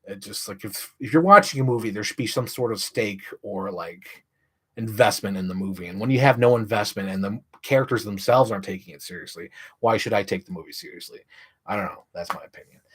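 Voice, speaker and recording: A young man ranting casually on a livestream, rambling with lots of "like" and jumping up in pitch when he gets excited. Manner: rambling, heavy use of "like", restarts mid-sentence; animated, voice jumps up when excited.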